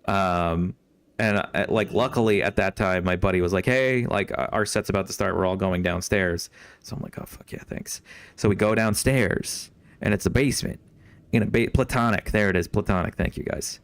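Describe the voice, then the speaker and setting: He has a deep, smooth voice at a normal speed, with no echo. A young man streams a game as he casually relates a long story, rambling, cursing, and repeatedly restarting amid many fillers.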